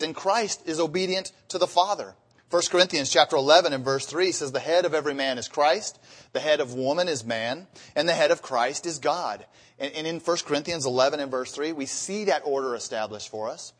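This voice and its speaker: A man's voice: fairly high pitch, normal speed, fairly bright tone, husky. A man preaching a sermon, telling humorous marriage stories and then reading scripture with rising emphasis. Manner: storytelling with acted-out marital dialogue. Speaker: pastor.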